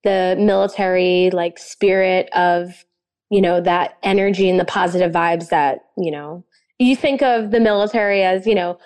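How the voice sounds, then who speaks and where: A woman's voice: on the low side, fairly even intonation, normal speed, a little mellow, clear, resonant tone. A young woman chatting casually and gushing, with lots of fillers and giggles. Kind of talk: casual chat.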